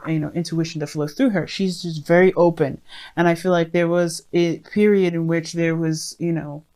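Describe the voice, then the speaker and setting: A woman's voice: low-pitched, darkish tone. A woman giving a casual tarot reading, rambling with many fillers and restarts as she talks straight to her viewers. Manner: addresses viewers directly, friendly. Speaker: tarot reader.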